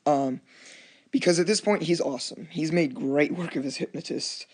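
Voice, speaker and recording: A man's voice: on the high side, fairly even intonation, moderate pace, a little mellow. A man casually narrating and commenting on his strategy game match, rambling and acting out chats with other players. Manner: rambling, restarts often, acts out quoted chats. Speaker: gameplay commentator.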